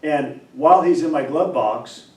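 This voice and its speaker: A man's voice: on the high side, a little slow. Guy professor ranting and telling a story, keeps restarting words, echoey room, kinda far from the mic. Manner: emphatic, repeats and restarts words when heated. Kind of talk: animated casual discussion and storytelling. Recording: roomy, distant mic, faint background noise.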